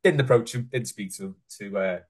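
A man's voice: fairly low pitch, a little fast, breathy edge. A man hosting a casual football fan podcast, chatty and passing the floor to his co-hosts. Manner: chatty, hands the floor to the others. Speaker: podcast host. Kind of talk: casual chat.

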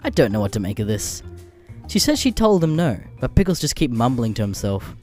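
A man narrating comedic internet stories with crude, deadpan asides, a little under the weather. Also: medium pitch, fairly quick, soft background music. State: a bit sick.

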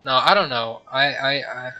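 Bright-voiced young man rambling over gameplay. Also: mid-range voice, normal speed, muffled recording. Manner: rambling, joking, mumbles and trails off. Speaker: gameplay streamer. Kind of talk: casual gameplay commentary.

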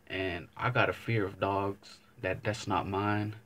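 A man's voice: fairly low pitch, fairly even intonation, a little slow. A young man vlogging, telling a casual story to camera, rambling and swearing, often circling back with "but anyways.". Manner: rambling, profane, keeps saying "but anyways".

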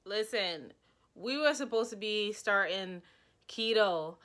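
A woman's voice: medium pitch, expressive, slow pace, a bit bright, echoey room, far from the mic. A young woman vlogging in a casual, chatty and dramatic way, talking straight to her viewers. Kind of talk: casual vlog chat.

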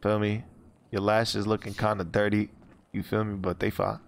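A young man streaming outdoors on a city street with a headset, loud and laughing, teasing people in heavy slang. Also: lowish voice, flat delivery, normal speed, creaky. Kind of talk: street livestream banter.

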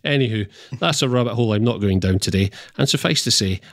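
Male podcast co-host, articulate and wry, lower voice, dry recording. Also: fast, no room sound. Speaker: podcast co-host, film reviewer. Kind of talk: podcast film review.

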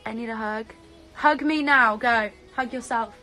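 A young woman from the UK chatting on a phone livestream, bubbly and excitable, reading out viewers' comments. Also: fairly high pitch, unhurried, faint music behind. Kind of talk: casual live stream chat.

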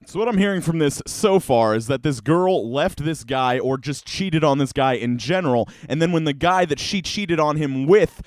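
Casual male streamer doing crude, sarcastic commentary; voice sits a bit high, close and dry. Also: lively intonation, moderate pace, few pauses, no echo. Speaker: streamer and video host. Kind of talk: comedic commentary on online posts.

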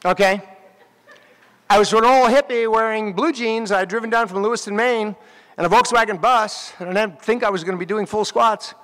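A man, an actor, giving a graduation speech and telling animated stories straight to the graduates at the ceremony. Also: high-pitched, moderate pace. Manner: animated storytelling, addressing graduates directly. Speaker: commencement speaker. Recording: long hall reverb.

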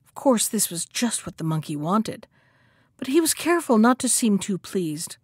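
A woman telling a folktale aloud as a library storyteller, with a measured, clear delivery. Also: medium pitch, sing-song, dry recording, clean studio sound. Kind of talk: storybook read-aloud narration.

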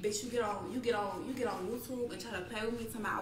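A young woman rattles through a heated story at a rapid clip, blunt and profane, and slips into quoted voices as she goes. Her voice sits mid-range and bounces around a roomy space, with a faint hiss beneath it. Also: on the high side, fairly even intonation. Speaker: streamer speaking on a live stream.

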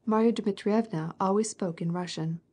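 A woman narrating a classic novel as an audiobook, in an even, measured storytelling manner. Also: medium pitch, breathy edge.

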